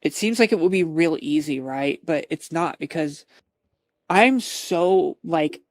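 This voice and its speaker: A woman's voice: low-pitched, lively intonation, unhurried, darkish tone, no echo. A woman streamer chatting casually to her viewers, laughing often and swearing as she retells a roleplay scene.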